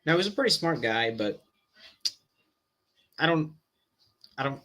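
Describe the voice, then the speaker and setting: A man with a bright, clear voice comments on a clip in a loose, unscripted way. He hesitates often, restarts his sentences and leans on fillers while he thinks. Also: a little high, expressive, a little slow. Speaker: Christian apologetics commentator. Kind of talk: casual reaction commentary.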